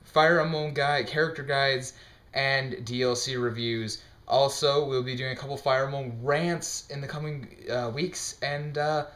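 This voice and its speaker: Casual, joking man as game-guide host; bright voice, roomy room. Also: medium pitch, fairly even intonation, unhurried. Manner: loose, joking, rambling with fillers.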